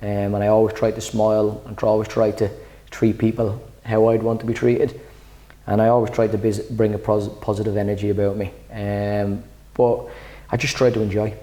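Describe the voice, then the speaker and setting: A man's voice: lowish voice, level tone, moderate pace, dark tone, rough recording. A man, the club's head coach, answering interview questions in a chatty way, often repeating words as he starts a thought. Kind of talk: sit-down interview.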